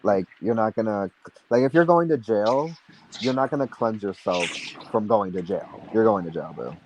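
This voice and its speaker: A man's voice: lowish voice, lively intonation, moderate pace, background noise. A young man co-hosting a casual chat, rambling and chatty with many restarts. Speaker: podcast co-host.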